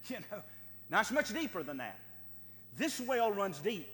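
Pastor, male, high bright voice, emphatic repeating sermon style, long hall echo. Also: big pitch swings, a little slow. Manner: emphatic, repeating phrases for stress.

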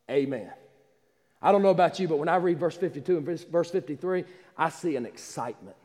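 A man's voice: a little high, fast talker, darkish tone, big-room sound. A man preaching a fervent, repetitive livestreamed Easter sermon in a small church, with frequent restarts.

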